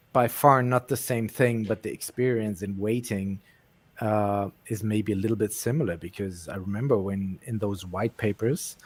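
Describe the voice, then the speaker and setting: A man hosting a casual chat, relaxed and chatty, often laughing. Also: on the low side, slightly rough. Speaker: host.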